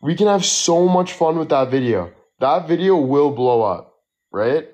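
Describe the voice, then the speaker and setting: A man's voice: on the high side, expressive, unhurried, rough recording. Hyped man live-streaming to fans. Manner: hyped, loud, joking banter with viewers. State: out of breath. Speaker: livestreamer. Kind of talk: casual live-stream chat.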